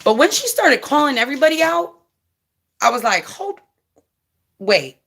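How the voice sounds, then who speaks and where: Bright-voiced woman ranting bluntly. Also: sits high, very animated, brisk, gravelly. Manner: blunt, profane, heated; chats directly with viewers. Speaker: YouTube commentary vlogger. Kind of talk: casual live-stream rant.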